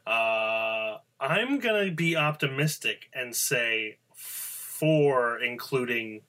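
A man's voice: medium pitch, animated, drawn-out words, pushed and bright. A man with a Southeastern Pennsylvania accent co-hosting a podcast, chatting casually with many fillers and restarts. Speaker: podcast co-host. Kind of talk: casual chat.

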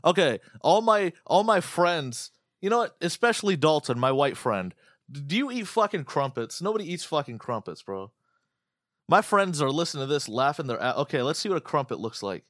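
A brash, foul-mouthed American man ranting in casual podcast banter. His voice sits slightly high and he swears his way through animated bits. The sound is close and dry, with no room around it. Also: a little fast, dry recording. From United States. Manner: brash, profane, animated storytelling. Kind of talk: casual chat.

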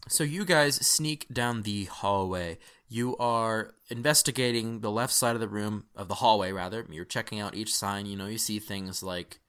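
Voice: mid-range voice, normal speed, hardly any pauses, fairly bright tone, clear, resonant tone. A game master casually narrating a tabletop role-playing game, laughing often.

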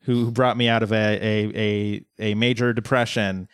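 A man's voice: lowish voice, level tone, moderate pace, clear, resonant tone, dry recording, studio quality. A man co-hosting a podcast, recapping a TV episode in casual chat, talking animatedly and rambling into quoted voices. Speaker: podcast co-host.

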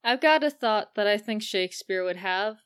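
A woman's voice: medium pitch, moderate pace, smooth. A woman co-hosting a casual film review podcast, acting out the scenes she retells. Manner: animated, acts out scenes in voices. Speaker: podcast co-host.

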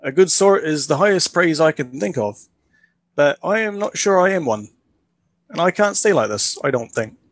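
A man voicing an earnest, humble young man who speaks politely and sincerely, in a voice pitched above his own. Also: animated, normal speed, no echo. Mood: grateful.

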